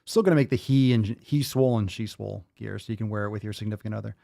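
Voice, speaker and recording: A man's voice: fairly low pitch, fast talker, vocal fry, mellow, no echo, studio quality. Profane, exasperated podcast host man. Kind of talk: casual ranting commentary.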